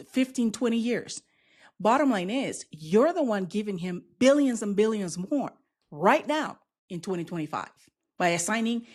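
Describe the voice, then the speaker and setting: An American woman vlogging a casual, outspoken reaction to the news, sassy and gleeful as she comments. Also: mid-range voice. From United States.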